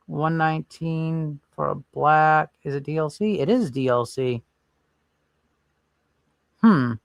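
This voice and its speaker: Gravelly guy streaming from his desk, rambly, thinking out loud, dry close sound. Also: a little high, takes it slowly, no room sound. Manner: rambling, thinks aloud while browsing. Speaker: livestream host. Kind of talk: casual livestream chat.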